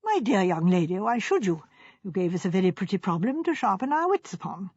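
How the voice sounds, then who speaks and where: A woman's voice: mid-range voice, big pitch swings, brisk, darkish tone, breathy edge, no room sound. A gallant, courteous elderly male doctor, read by a woman in her own voice. He speaks kindly and politely. The recording is dry and dull.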